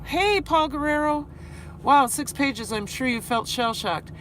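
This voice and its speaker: A woman who teaches high school, vlogging live while worn out after crying, talking earnestly with halting restarts as she reads her chat. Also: animated, fairly bright tone, a little hiss or hum. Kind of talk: live-stream vlog, reading chat.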